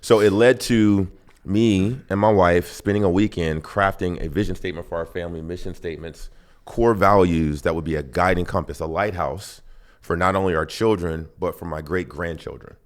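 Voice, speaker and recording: A man telling personal stories on a podcast in a lively way, acting out both sides of conversations. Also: low voice, moderate pace. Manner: animated, acts out both sides of dialogue. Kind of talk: casual storytelling.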